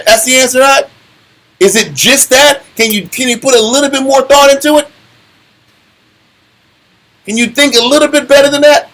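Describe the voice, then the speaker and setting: Man, high voice, bible study leader, animated, slangy, rhetorical questions, small group indoors. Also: normal speed, long pauses, rough recording. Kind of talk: casual scripture teaching.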